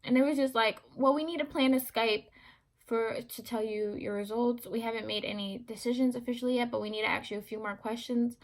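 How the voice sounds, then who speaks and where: Young woman vlogger with a gravelly voice. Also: on the high side, brisk. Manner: rambling, self-correcting, animated retelling. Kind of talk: casual storytelling to camera.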